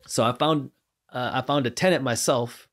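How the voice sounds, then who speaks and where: Man telling animated stories as a guest. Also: mid-range voice, moderate pace. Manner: acts out the people in his stories with lively voices. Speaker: podcast guest, entrepreneur. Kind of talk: animated storytelling.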